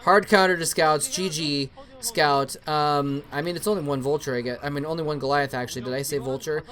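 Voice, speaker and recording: This is a man commentating a strategy-game match on his own, in a loose, conversational way. He often stammers over his words and repeats himself. At the big moments his voice shoots up into excited, high-pitched cheers. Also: a little fast. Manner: chatty, jokey asides. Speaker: esports commentator. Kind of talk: solo play-by-play commentary over an old match.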